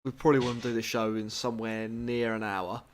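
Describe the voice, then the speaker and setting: A man's voice: lowish voice, little pitch movement, fairly quick. Man co-hosting a cricket podcast chat. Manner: chatty, self-deprecating, leads the conversation with questions. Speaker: podcast co-host.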